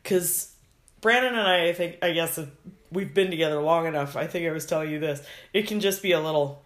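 Woman chiming in with jokes, echoey room. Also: deep voice. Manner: chimes in with quick reactions and jokes. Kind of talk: casual chat.

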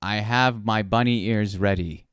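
Low, smooth-voiced joking man. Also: fairly even intonation, unhurried, a bit bright, dry recording, clean studio sound. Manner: joking, reads chat questions aloud, laughs often. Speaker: podcast host interviewing a streamer. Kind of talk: casual chat.

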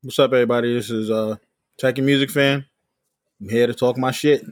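A man's voice: medium pitch, steady tone, a little fast, no room sound, studio quality. A man co-hosting a casual podcast, blunt and firm when he argues his point. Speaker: podcast co-host.

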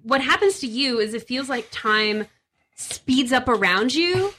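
Bright-voiced woman game master. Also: sits high, animated, a little slow, a little hiss or hum. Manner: casual, giggly, full of fillers. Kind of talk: narrating a tabletop game.

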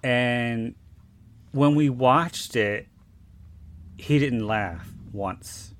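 A man's voice: mid-range voice, drawn-out words, a bit bright. A man guest in an interview, recalling past events in a rambling way full of restarts and fillers. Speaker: guest recalling a film shoot. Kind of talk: casual interview storytelling.

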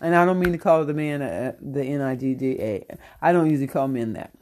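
A woman's voice: extremely low pitch, a little fast, darkish tone. A middle-aged woman hosting a dating-coach podcast, delivering a brash, profane comic rant and laughing often.

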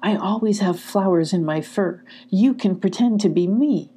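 A woman voicing a small, gentle female dog who speaks reassuringly in a storybook reading. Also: medium pitch, normal speed, breathy edge, close to an everyday voice.

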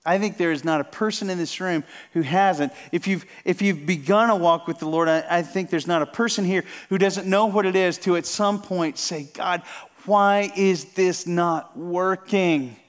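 A man delivers a sermon from a church platform. His voice sits high for a man, and he speaks earnestly. He restarts and repeats phrases as he builds toward a point. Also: moderate pace, hardly any pauses. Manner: earnest, repeats phrases, rising and falling intensity. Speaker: pastor. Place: church sanctuary.

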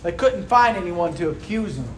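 A man's voice: high voice, lively intonation, moderate pace, slight background noise. A man preaching a sermon to a congregation in a room, tossing rhetorical questions out for them to answer.

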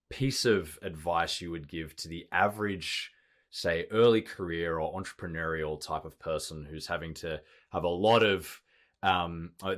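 Guy with a really low voice hosting a chat, rambles his questions, lots of ums. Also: a bit bright. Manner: rambling, hesitant questions with many restarts. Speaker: podcast host. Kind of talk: conversational interview.

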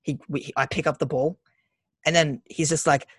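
A man's voice: on the high side, normal speed, breathy edge, dry recording. A young Australian man telling stories in casual chat, keeps checking in with "right?". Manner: animated storyteller, keeps adding "right?".

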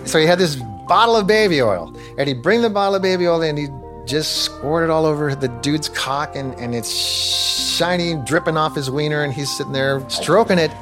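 A man's voice: fairly high pitch, moderate pace, hardly any pauses, music in the background. A man in an interview, telling frank personal stories in a loose, colloquial way. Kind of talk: candid personal storytelling.

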